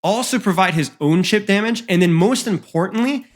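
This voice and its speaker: A man's voice: sits high, lively intonation, moderate pace. Emphatic man coaching a match review. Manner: blunt, emphatic critique with frequent repeats. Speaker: esports coach. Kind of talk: analytical game review.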